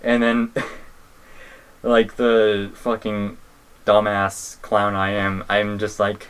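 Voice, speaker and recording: A man's voice: on the low side, completely flat delivery, very slow, clean tone. Rambling, cursing young man storyteller. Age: young adult. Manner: rambling, swears a lot, many fillers. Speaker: podcast co-host. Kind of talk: casual podcast chat.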